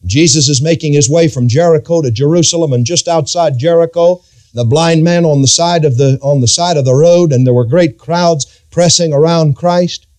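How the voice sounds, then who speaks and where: A man's voice: normal speed, a little mellow. A man preaching a sermon, dramatic and emphatic, retelling scripture in old-fashioned biblical wording. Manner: dramatic, emphatic, sweeping pitch swings.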